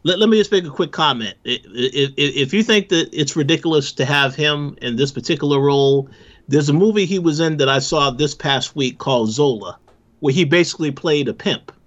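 A man co-hosting a podcast, offering measured, agreeable commentary in casual chat. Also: a little high, a bit bright. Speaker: podcast co-host. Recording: dull lo-fi audio.

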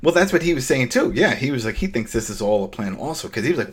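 A man's voice: medium pitch, fast, hardly any pauses, slightly rough. A man in casual chat, animatedly recapping a show episode and acting out the characters' lines. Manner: animated retelling, acts out quotes.

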